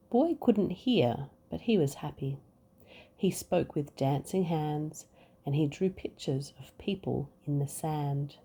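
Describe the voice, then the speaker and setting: A woman reads a bedtime story aloud to her children, slow and expressive. Her voice is low and mellow with a lively, swooping melody and a husky edge. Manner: expressive, acts out sound effects. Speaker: mother reading to her children.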